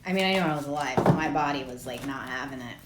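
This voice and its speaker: A woman's voice: extremely low pitch, quick pace, roomy sound, heavy background noise. A woman doing a casual tarot reading vlog, talking in a rambling, profane and laughing way. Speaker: tarot reader.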